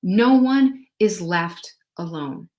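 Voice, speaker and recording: A middle-aged woman, pitched a little low, talks casually and encouragingly to her viewers as a show host. She is animated and chatty, speeding up and slowing down as she makes her points. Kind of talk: casual motivational talk to viewers.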